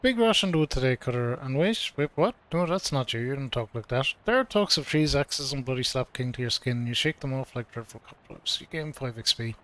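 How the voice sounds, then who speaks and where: A man with a medium-pitched, fairly bright voice is streaming a game, animated and a little fast, with hardly any pauses. In let's play commentary, he reads the game's dialogue aloud in a casual, playful way, using a mock old-fashioned delivery.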